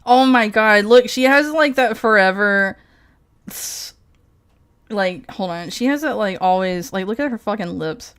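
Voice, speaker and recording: A woman's voice: mid-range voice, measured pace, a bit bright, clean tone. A woman streamer in casual live-stream commentary, rambling and profane, laughing often as she talks.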